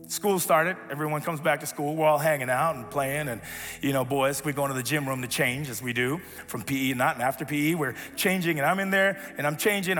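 A man giving a storytelling sermon as a pastor, animated, acting out voices and sinking to a soft hush. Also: on the high side. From grew up as an immigrant. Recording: reverberant hall with faint music.

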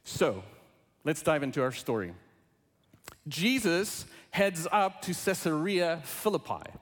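Lively pastor in an echoing hall. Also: male voice, a little high, slow. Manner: lively, playful, reads aloud with animal noises. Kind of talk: sermon. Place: church sanctuary. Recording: long reverb in a large hall.

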